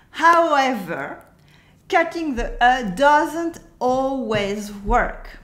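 A woman with a French accent teaching a scripted language lesson, modeling words slowly and carefully for learners to repeat. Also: fairly high pitch, reverberant. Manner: slow, careful model pronunciations and drills.

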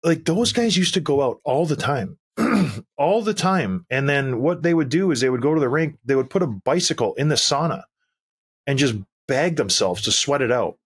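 A man hosting a podcast, retelling a night out in a casual, animated way, laughing often and acting out quoted lines. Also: medium pitch. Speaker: podcast host. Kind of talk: casual storytelling chat.

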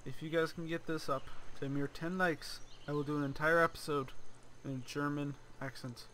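A young adult man talks through a strategy game as a let's play host, slipping into theatrical, mock-villainous pronouncements. His voice sits a touch higher than most men's, and a faint hiss of noise runs underneath. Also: fairly even intonation, fairly quick, fairly bright tone, poor audio. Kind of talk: gameplay commentary.

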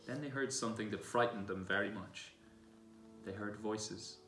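A man reads a children's story aloud in a gentle storytelling manner, his voice lower-pitched yet bright and crisp. The church around him adds a long roomy echo, the mic sits well away from him, and soft instrument music drifts behind. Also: moderate pace. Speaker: reader. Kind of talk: reading a children's novel aloud. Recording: echoey church room, distant mic.

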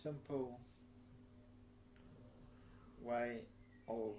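A man vlogging to camera, his speech slurred, slow and halting with restarts. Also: medium pitch, fairly even intonation, a little mellow, a little hiss or hum, low-quality recording. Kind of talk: casual talking to camera.

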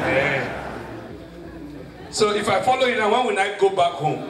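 A man with a Nigerian accent doing stand-up comedy, telling stories with animated delivery and shouting his punchlines to the crowd. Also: sits high, moderate pace, long pauses, background noise. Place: comedy stage before a live audience. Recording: echoey stage from far off with crowd.

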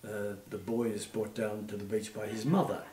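An Australian man in his eighties, a retired puppeteer, telling gentle stories in an interview with many fillers. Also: lowish voice, level tone, moderate pace, far from the mic, slight background noise. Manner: gentle anecdotal storytelling, frequent fillers. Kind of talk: reminiscing interview. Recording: echoey room, off-mic.

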